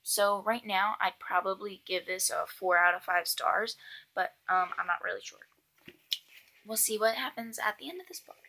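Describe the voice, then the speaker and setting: A thirteen-year-old girl chatting casually about books she read, rambling with frequent ums and quick asides. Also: medium pitch, sharp tone. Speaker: book vlogger. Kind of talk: casual book review vlog.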